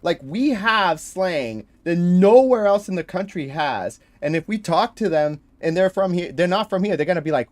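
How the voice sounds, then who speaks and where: A man talks bluntly on a gaming livestream. His voice sits slightly high, and he speaks in a loose, candid way. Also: lively intonation, moderate pace, hardly any pauses, a little mellow. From New England. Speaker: livestream co-host. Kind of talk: casual gaming chat.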